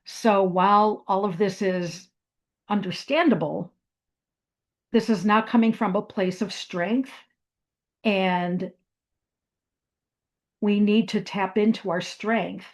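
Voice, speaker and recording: A woman's voice: mid-range voice, steady tone, takes it slowly, pauses often. A woman giving a reflective talk on meditation, speaking with fillers and restarts. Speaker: meditation teacher. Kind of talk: spoken wellness talk.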